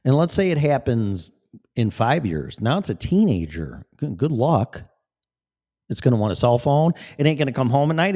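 Man in his fifties, mellow voice, swings up and down a lot, swears freely, rambling vlog monologue. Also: medium pitch, big pitch swings, moderate pace. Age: 50s. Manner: profane, emphatic, digressive. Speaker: vlogger.

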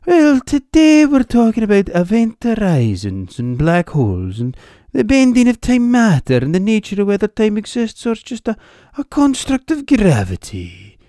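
A man's voice: high voice, huge pitch swings, moderate pace, mellow, dry recording, clean studio sound, voice pushed up. A man putting on a Hebridean accent, doing a male science presenter lecturing earnestly in a sing-song way. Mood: mock-earnest.

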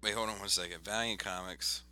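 A man hosting a casual podcast, joking loosely and reading off shout-outs. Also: on the low side, fairly even intonation, brisk, clear, resonant tone. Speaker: podcast host.

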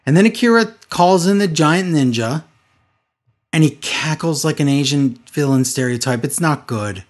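A man with a husky voice giving a sarcastic, mocking recap in casual chat. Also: fairly high pitch, animated, normal speed. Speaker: podcast co-host recapping wrestling.

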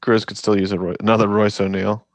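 Easygoing low-voiced podcast co-host. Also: male voice, little pitch movement, quick pace, no room sound. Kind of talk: casual sports chat.

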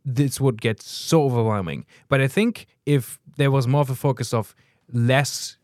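A man co-hosting a podcast, making his case earnestly with halting restarts. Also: mid-range voice, darkish tone, no echo, studio quality. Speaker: podcast co-host. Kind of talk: casual debate chat.

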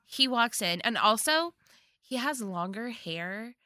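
Bright-voiced woman, giggly and gushing. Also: fairly high pitch, expressive, slow pace, no echo, studio quality. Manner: giggly, gushing, uses frequent profanity. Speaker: podcast co-host. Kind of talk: casual movie recap chat.

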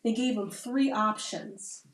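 A woman's voice: fairly high pitch, slow pace. Woman talking in a roomy, distant recording. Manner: rambling, keeps adding "right?" tags. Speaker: Navy veteran. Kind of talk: casual podcast conversation. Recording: roomy sound from a distant mic.

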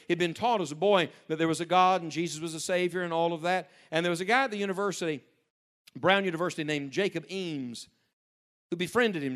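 A male pastor preaching a sermon to young people, telling stories and swinging between hushed passages and loud, urgent emphasis. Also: on the high side.

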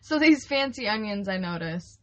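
A woman's voice: mid-range voice, expressive, normal speed. Young woman rambling thru a farm story, like like like, laughs a lot. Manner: rambling, many "like" fillers, laughs often. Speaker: podcast co-host, flower farmer. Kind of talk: casual storytelling chat.

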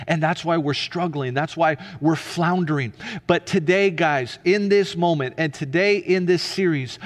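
A man preaching a sermon as pastor, earnest and emphatic, then dropping to a soft, hushed delivery. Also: fairly high pitch, in a large hall.

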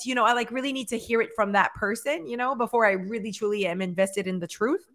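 A woman co-hosting a casual chat, talking fast with lots of fillers and acting out what people say. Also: fairly high pitch. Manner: chatty, filler-heavy, animated storytelling. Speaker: podcast co-host.

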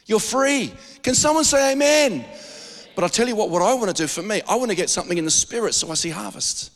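A man with an Australian accent preaching a sermon as pastor, animated and joking, with frequent restarts. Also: sits high, fast, long reverb tail.

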